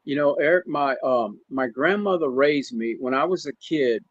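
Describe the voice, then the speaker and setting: A man telling a personal story in a casual podcast chat, halting and emotional, with many restarts. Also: medium pitch, animated, no room sound, lo-fi sound. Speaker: guest. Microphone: remote stream call.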